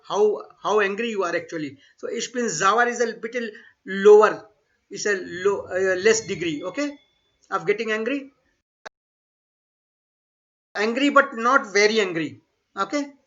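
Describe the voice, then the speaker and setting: A high, bright-voiced man runs an online German lesson. He says each phrase slowly and more than once, then explains it in with bits of Hindi. The audio is dull and lo-fi, like a remote class. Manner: slow repeated model phrases, mixes English and Hindi. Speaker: German language teacher.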